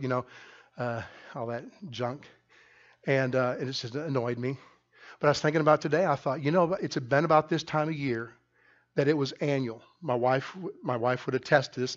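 A middle-aged man, the pastor, preaching a sermon loudly and emphatically, often restarting his sentences. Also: mid-range voice, dull audio. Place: church sanctuary.

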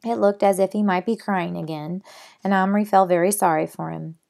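Gravelly-voiced woman reading a children's story. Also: medium pitch, moderate pace. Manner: gentle, plain reading, chatty afterward. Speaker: storybook reader. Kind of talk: reading a children's novel aloud.

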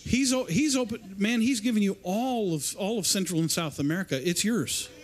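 A male preacher with a notably high voice. He speaks loosely and conversationally, stumbling over and repeating his words as he goes. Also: brisk. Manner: rambling, repeats and restarts words. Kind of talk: informal sermon. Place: church service.

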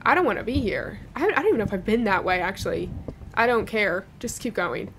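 A woman playing a horror game, talking to herself nervously and joking to calm her nerves. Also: mid-range voice, brisk, vocal fry, noisy background. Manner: nervous, talks to herself, jokes to cope. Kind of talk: casual let's-play commentary. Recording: game music playing behind. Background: game music.

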